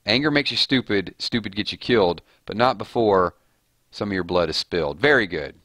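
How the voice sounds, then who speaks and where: A male livestream host with a lowish, fairly bright voice speaks a little fast with lively intonation. He playfully reads viewers' chat rhymes aloud and judges them, and the dry recording has studio quality.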